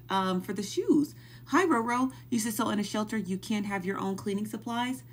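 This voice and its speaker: A woman with a husky, slightly breathy voice talks straight into her phone on a live stream. She keeps circling back to the same incredulous questions, thanks viewers by name between them, and swings between muttering and near-yelling. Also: mid-range voice. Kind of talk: casual live stream commentary.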